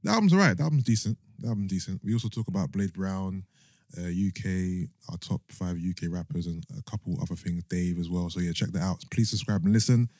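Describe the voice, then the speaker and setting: A young man, co-hosting a podcast in casual chat, laid-back with quick asides. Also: low voice, darkish tone, dry recording, clean studio sound. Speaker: podcast co-host.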